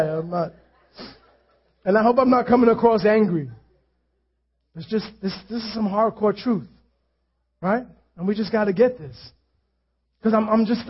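A man with a high voice delivers a conversational sermon as a pastor. He drives points home by repeating phrases and drops in self-deprecating asides. The recording sounds dull and lo-fi. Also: breathy edge.

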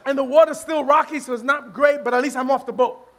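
Animated high-voiced pastor telling funny story. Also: male voice, quick pace. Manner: animated, self-deprecating, laughing, repetitive restarts. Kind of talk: humorous sermon storytelling.

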